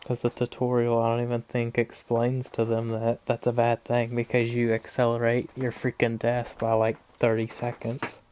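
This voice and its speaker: A man chats through a game stream in an even, monotone voice, grumbling about bad luck and tricky opponents. His tone is mellow and a little tired, with a faint hum behind him. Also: mid-range voice, normal speed, few pauses. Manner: chatty, complaining about the game. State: tired, yawning. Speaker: gaming streamer. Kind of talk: casual gameplay commentary.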